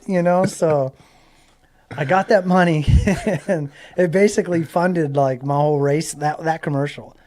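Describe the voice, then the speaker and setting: A man in his forties from Southern California, a guest in a casual interview, telling a story in an animated way. He fills his talk with likes and you-knows and acts out what people said. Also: on the high side, measured pace.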